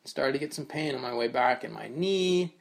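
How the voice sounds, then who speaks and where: A man's voice: mid-range voice, lively intonation, moderate pace, gravelly. A man hosting his own podcast, rambling casually and self-mockingly through a solo intro with loose swearing. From New Jersey. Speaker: podcast host.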